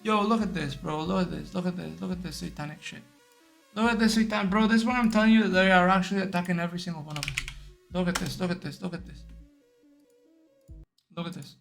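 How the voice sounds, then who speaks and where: A man's voice: sits high, steady tone, quick pace, creaky, pauses often, a bit bright, echoey room, soft background music. A man live-streaming in a brash, boastful, profane way, tired out. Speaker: livestreamer. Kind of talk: casual live-stream chat.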